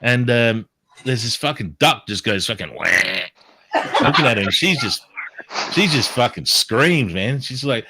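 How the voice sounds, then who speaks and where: A man's voice: mid-range voice, moderate pace, a little hiss or hum. A man telling a story in casual chat, swearing constantly and acting out what people said. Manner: swears constantly, animated, acts out quotes. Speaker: livestream host.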